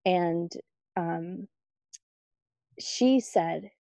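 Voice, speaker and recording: A woman guest telling stories in a casual interview, chatty and lively when she quotes her family. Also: on the low side, very slow, gravelly, dry recording. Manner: chatty, animated when quoting family, laughs easily.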